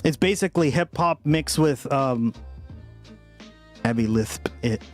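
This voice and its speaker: A man's voice: medium pitch, measured pace, faint music behind. A young man hosting a political livestream, chatting casually and profanely with viewers, rambling and often asking "right?".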